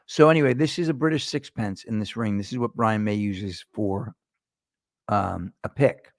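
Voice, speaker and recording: A man with a gravelly voice hosts a casual livestream, chatting to his viewers in a loose, joking way with plenty of swearing. The sound is close and dry, with no room echo. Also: fairly low pitch, normal speed. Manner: loose, profane, joking, talks to chat viewers. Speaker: host.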